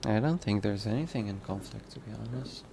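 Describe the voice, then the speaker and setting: A man's voice: fairly low pitch, brisk, gravelly, dark tone, a little hiss or hum. A man streaming casually as he works on his game, reading questions aloud and musing over the answers. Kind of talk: casual live-stream chat.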